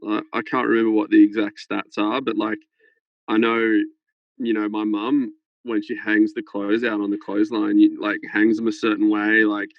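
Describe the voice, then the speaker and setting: A man's voice: lowish voice, level tone, moderate pace, vocal fry, no echo, muffled recording. A man talking as a podcast guest, sharing a candid personal story in a hesitant way, with many restarts and fillers.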